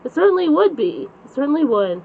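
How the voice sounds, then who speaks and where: Woman reader doing a plucky little storybook pig, high voice, slightly muffled lo-fi sound. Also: very animated, fairly quick, gravelly, a little hiss or hum, full character voice. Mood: cheerful. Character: clever cheerful little boy pig. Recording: slightly dull lo-fi recording.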